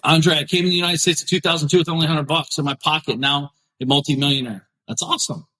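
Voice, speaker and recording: Middle-aged male podcast host, husky voice, swears freely, confrontational straight-talk. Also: fairly high pitch, steady tone, quick pace, pushed and bright, poor audio. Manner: confrontational, swearing, addressing viewers directly. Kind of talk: blunt profane rant.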